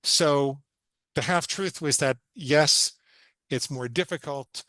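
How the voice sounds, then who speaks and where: A man's voice: on the high side, takes it slowly, sharp tone, no room sound, rough recording. A man, a psychologist guest on a podcast interview, explaining techniques step by step in an earnest, instructive way.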